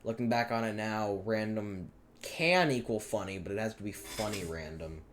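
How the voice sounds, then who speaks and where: A man's voice: fairly low pitch, normal speed, a little hiss or hum. A man giving a rambling, self-deprecating director's commentary on his own fan series, often unsure of himself.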